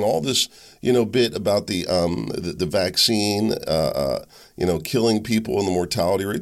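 Speaking at normal speed in a lowish voice, the man hosts a political talk show. Blunt and animated, he runs through an opinionated monologue, keeps restarting, and does mock voices.

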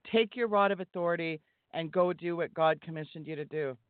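A woman's voice: on the low side, fairly quick, no room sound. A woman guest speaking in a fervent, exhorting, preaching style, heard over a phone line. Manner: emphatic, exhorting. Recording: tinny phone line, dry.

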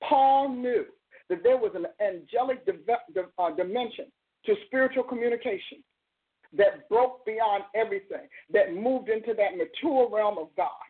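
Woman, preacher and host, conversational sermon, emphatic repetition, mid-pitched voice, tinny phone line. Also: normal speed. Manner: emphatic, repeats phrases for stress.

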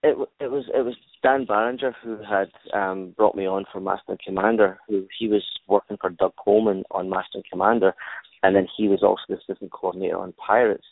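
A man's voice: low voice, fairly even intonation, fast, vocal fry, dry recording. A man, a stuntman and actor, telling stories from his career in a casual interview, rambling with many fillers and restarts. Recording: tinny phone-like line, dry.

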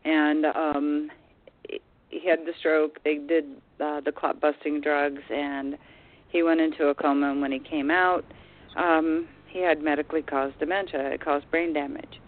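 Halting woman caller on a phone line. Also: sits low, flat delivery. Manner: hesitant, halting, filler-heavy. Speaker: caller and friend of the host. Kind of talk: phone-in conversation.

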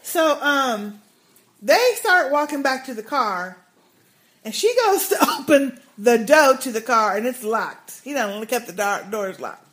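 High-voiced woman recapping an episode. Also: lively intonation, measured pace, fairly bright tone. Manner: storytelling recap, acting out characters' lines. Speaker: podcast co-host. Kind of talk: casual TV recap chat.

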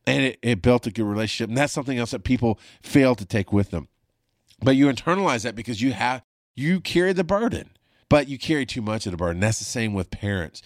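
A man's voice: medium pitch, lively intonation, fast talker, dry recording, clean studio sound. A man hosting his own show, a former paramedic telling stories in a blunt, profane, rambling way. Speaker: podcast host, former paramedic. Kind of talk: casual storytelling monologue.

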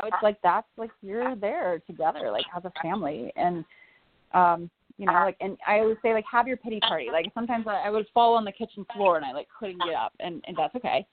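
A woman in her forties, a guest in a casual chat, talking candidly, swearing freely and laughing easily. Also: mid-range voice. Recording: tinny phone-like line with faint noise.

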